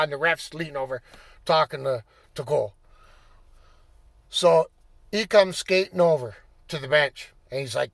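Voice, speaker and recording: A man telling a personal story in a casual, profane way, getting animated and raising his voice as he relives the anger. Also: on the high side, normal speed, vocal fry, pauses often, no echo. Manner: animated, swearing, bursts into shouting when reliving anger. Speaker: storyteller recounting his playing days.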